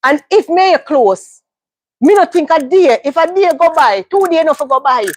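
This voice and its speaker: A woman's voice: sits high, lively intonation, moderate pace, no echo. A woman, giving emphatic life advice in a casual livestream monologue and repeating phrases for stress. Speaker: livestream host.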